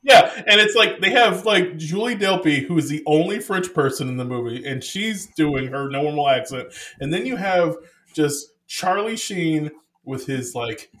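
A man co-hosting a casual movie chat, rambling and full of "like", quick to laugh. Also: fairly high pitch, animated, fairly bright tone.

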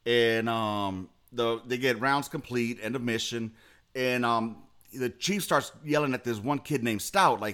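A man's voice: medium pitch, normal speed, a bit bright, clear, resonant tone. A young man co-hosting a casual podcast chat over a video call, talking in a blunt, emphatic and profane way. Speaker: podcast co-host.

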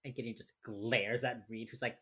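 Very low husky woman recapping a show. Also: normal speed. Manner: animated retelling, acting out characters' lines with laughs. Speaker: podcast co-host. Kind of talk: casual chat recapping a TV episode.

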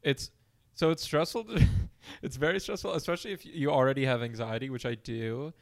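Podcast co-host: congested, anxious New man, smooth resonant voice, talks in loose rambles. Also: mid-range voice, brisk. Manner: rambling, anxious, self-deprecating. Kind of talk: casual chat. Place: room at home.

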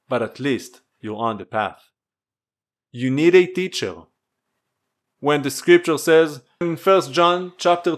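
A man's voice: a little high, a bit bright. A man preaching an earnest, exhorting sermon that repeats its pleas. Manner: earnest, exhorting, repetitive pleading.

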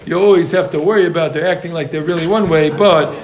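A Talmud teacher with a fairly high voice leads a Gemara class, explaining the text and joking with his students through quick asides. The sound is roomy, with slight background noise.

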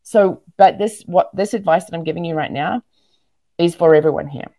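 A woman speaks in a low register, earnest and motivational. Her talk is loose and chatty, full of ums and restarts as she gives advice. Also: normal speed, warm tone. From New Zealand. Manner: earnest, motivational, many fillers. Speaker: guest entrepreneur. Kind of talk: casual interview chat.

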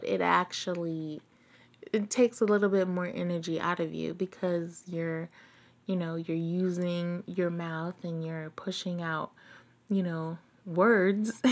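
A woman with a slightly low voice reads a book aloud at an unhurried pace. She stops often to comment on what she has read in a casual, chatty way, laughing now and then. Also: a little mellow. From outside England. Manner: breaks off reading to chat and reflect, laughing often. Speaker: podcast host reading a book aloud.

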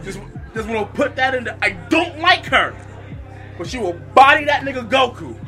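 Man, bright sharp tone, lively pitch, jokey group chat. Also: normal speed, faint music behind. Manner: jokey, repeats punchlines. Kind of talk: rowdy casual chat.

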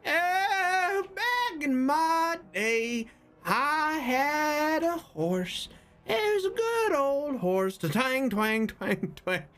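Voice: extremely high pitch, sing-song, slow pace, fairly bright tone, faint music behind, pitched above the performer's own voice, exaggerated voice. A game master voicing a rowdy, cheerful old male drunk with a slurred, rambling manner in a tabletop game.

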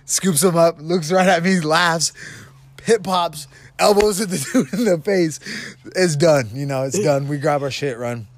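A man's voice: on the high side, no echo. A young man from the Pacific Northwest telling a rambling, laughing story on a casual podcast, recorded outdoors in the cold. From Vancouver, Washington. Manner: rambling, laughs through his story, swears freely. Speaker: podcast co-host.

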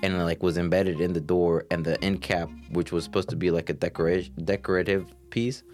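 A young man in casual chat, telling animated stories and acting out his coworkers' lines in Spanish and English. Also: low voice, brisk, soft background music. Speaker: guest.

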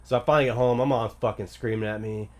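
Young male podcast co-host, crude laughing storyteller, average pitch. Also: steady tone, quick pace, a little mellow. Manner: profane, laughing, rambling storyteller. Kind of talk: casual storytelling chat.

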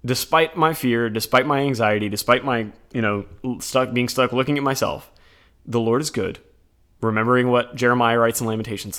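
A man co-hosting a podcast, talking through scripture readings in an earnest, conversational way, with animated retellings. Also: mid-range voice, fairly quick. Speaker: podcast co-host. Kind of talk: casual chat about scripture readings.

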